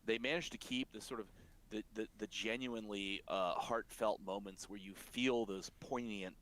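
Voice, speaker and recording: A man's voice: on the low side, steady tone, moderate pace, a bit bright. A man co-hosting a casual anime discussion podcast, filling in details and reflecting thoughtfully, with some hesitations. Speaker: podcast co-host.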